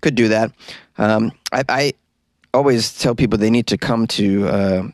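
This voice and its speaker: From a small closet studio, a man hosts a comedy news podcast, reading odd stories and chatting in a loose, rambling, jokey way and putting on silly voices for quotes. His voice is fairly low, his pace a little slow, and the recording is dry.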